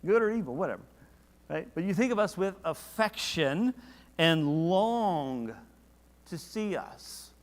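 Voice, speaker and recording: A man's voice: sits high, a little slow, long reverb tail. A man leading a church Bible study in a casual, conversational way, often asking the class questions. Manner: conversational, asks the class questions, animated when reading verses.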